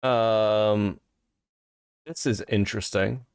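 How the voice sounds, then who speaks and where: A man's voice: lowish voice, steady tone, slow pace, clear, resonant tone. A man from Europe hosting a livestream, talking casually in a rambling, profane way while he thinks aloud. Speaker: streamer host.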